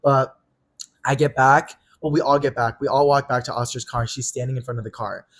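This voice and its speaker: Fast-talking man telling a heated story. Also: mid-range voice. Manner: animated, profanity-laden storytelling. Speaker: podcast co-host. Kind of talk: casual chat, storytelling.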